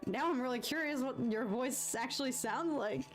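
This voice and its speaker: A woman's voice: mid-range voice, expressive, a little fast, hardly any pauses, faint music behind. Chatty young woman with a Detroit accent. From United States. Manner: chatty, giggly, rambling storyteller. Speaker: live-stream painter. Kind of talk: casual chat while drawing.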